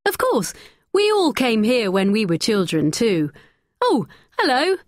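A woman's voice: a little high, wildly swooping pitch, measured pace, no echo, studio quality. A woman voicing a friendly, chatty older woman on holiday.

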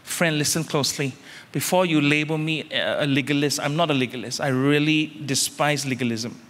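A man preaching a sermon as senior pastor, emphatic, repeating phrases and climbing suddenly louder. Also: fairly high pitch, fairly even intonation, moderate pace, long reverb tail.

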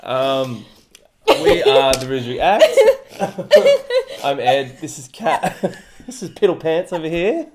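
A man's voice: a little high, wildly swooping pitch, takes it slowly, background noise. A man hosting a reaction video, chatting casually and playfully and laughing often. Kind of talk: casual chat.

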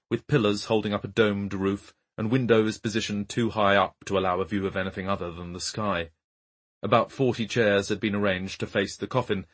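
A man reading an audiobook mystery in a calm, dry, even manner. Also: on the low side, breathy edge. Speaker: audiobook narrator. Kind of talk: scripted audiobook narration.

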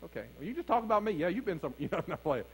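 A man's voice: high-pitched, sing-song, rapid-fire, breathy edge, rough recording. A man preaching a sermon as pastor, calling out to his congregation with rising fervor. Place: church sanctuary.

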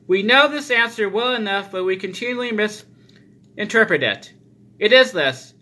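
A man preaching a sermon, reading deliberately and slowing down to stress repeated phrases. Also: high-pitched, sharp tone. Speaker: pastor.

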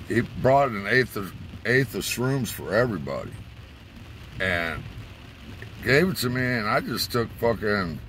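A man's voice: low voice, a bit bright, slight background noise. A man telling a rambling, profane story in a casual way, chuckling as he goes, from inside a car.

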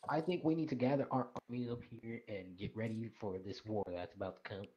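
A man's voice: fairly low pitch, steady tone, brisk, highs cut off. A man playing a tabletop game, casually laying out plans as the party's leader, with many loose restarts. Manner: loose, rambling, full of restarts.

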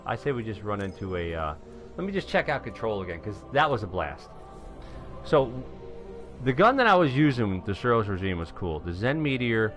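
A middle-aged man from New York giving excitable live gameplay commentary, calling out to viewers and shouting when things go his way. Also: lowish voice, moderate pace, soft background music. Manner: excitable, shouts at wins, talks to viewers as folks. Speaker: gaming live streamer.

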